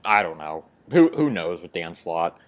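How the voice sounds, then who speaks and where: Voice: sits low, sing-song, normal speed. A podcast host recapping a comic book in a rambling way, full of fillers. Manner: rambling, many fillers and restarts.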